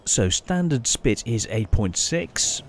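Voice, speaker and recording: A man giving casual, chatty gameplay commentary as a channel host, often pausing and restarting his sentences. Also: mid-range voice, big pitch swings, a little hiss or hum. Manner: chatty, halting, many restarts and fillers.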